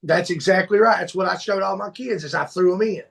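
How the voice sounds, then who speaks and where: A man's voice: sits high, brisk, gravelly, fairly bright tone. A man co-hosting a radio show, chatting in an easygoing, agreeable way. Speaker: radio co-host. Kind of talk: casual chat.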